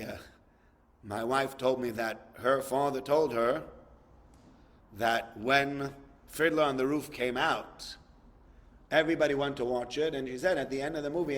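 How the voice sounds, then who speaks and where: Rabbi preaching in a reverberant hall. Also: male voice, medium pitch, a bit bright. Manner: conversational, acts out dialogues, repeats words for emphasis. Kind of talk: sermon.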